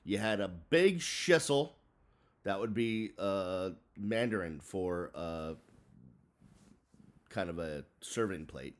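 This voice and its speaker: A man in his forties from the Boston area rants to camera about whatever comes to mind. His pitch swings up and down all the time, and he rambles, restarting sentences and filling gaps with ums and uhs. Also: expressive, slow, pauses often. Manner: rambling, chatty, full of fillers and restarts. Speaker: vlogger. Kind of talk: casual rant to camera.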